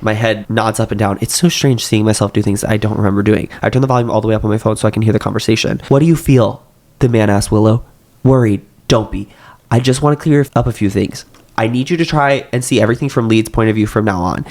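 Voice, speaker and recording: A man's voice: fairly low pitch, quick pace, a little mellow. A young man reading a novel aloud, with slight voice shifts for the characters and joking asides.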